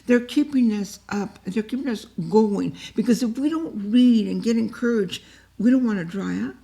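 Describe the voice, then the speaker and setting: A woman's voice: on the high side, moderate pace, gravelly, mellow. A woman leading an informal Bible lesson, emotive and repetitive, often acting out heartfelt cries to God as she encourages her listeners. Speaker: Bible study teacher.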